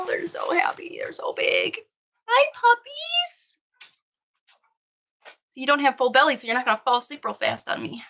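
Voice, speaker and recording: High sing-song woman cooing at puppies. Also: wildly swooping pitch, brisk, creaky, few pauses, sharp tone. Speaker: dog breeder. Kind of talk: casual vlog narration.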